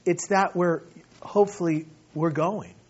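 A male pastor preaching a sermon in an animated way, often laughing and acting out short voices. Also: sits high, measured pace, slightly rough, dull audio.

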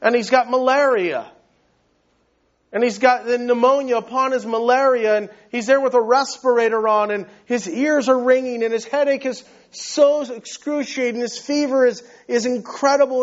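A male pastor preaching a sermon, earnest and emphatic, often repeating words as he builds his point, on a dull, lo-fi recording. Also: very high voice.

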